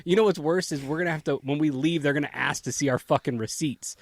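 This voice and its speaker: A man's voice: on the high side, fast talker, dry recording. A man improvising an angry, impatient male business owner who barks foul-mouthed insults in a comedy podcast skit. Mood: irate.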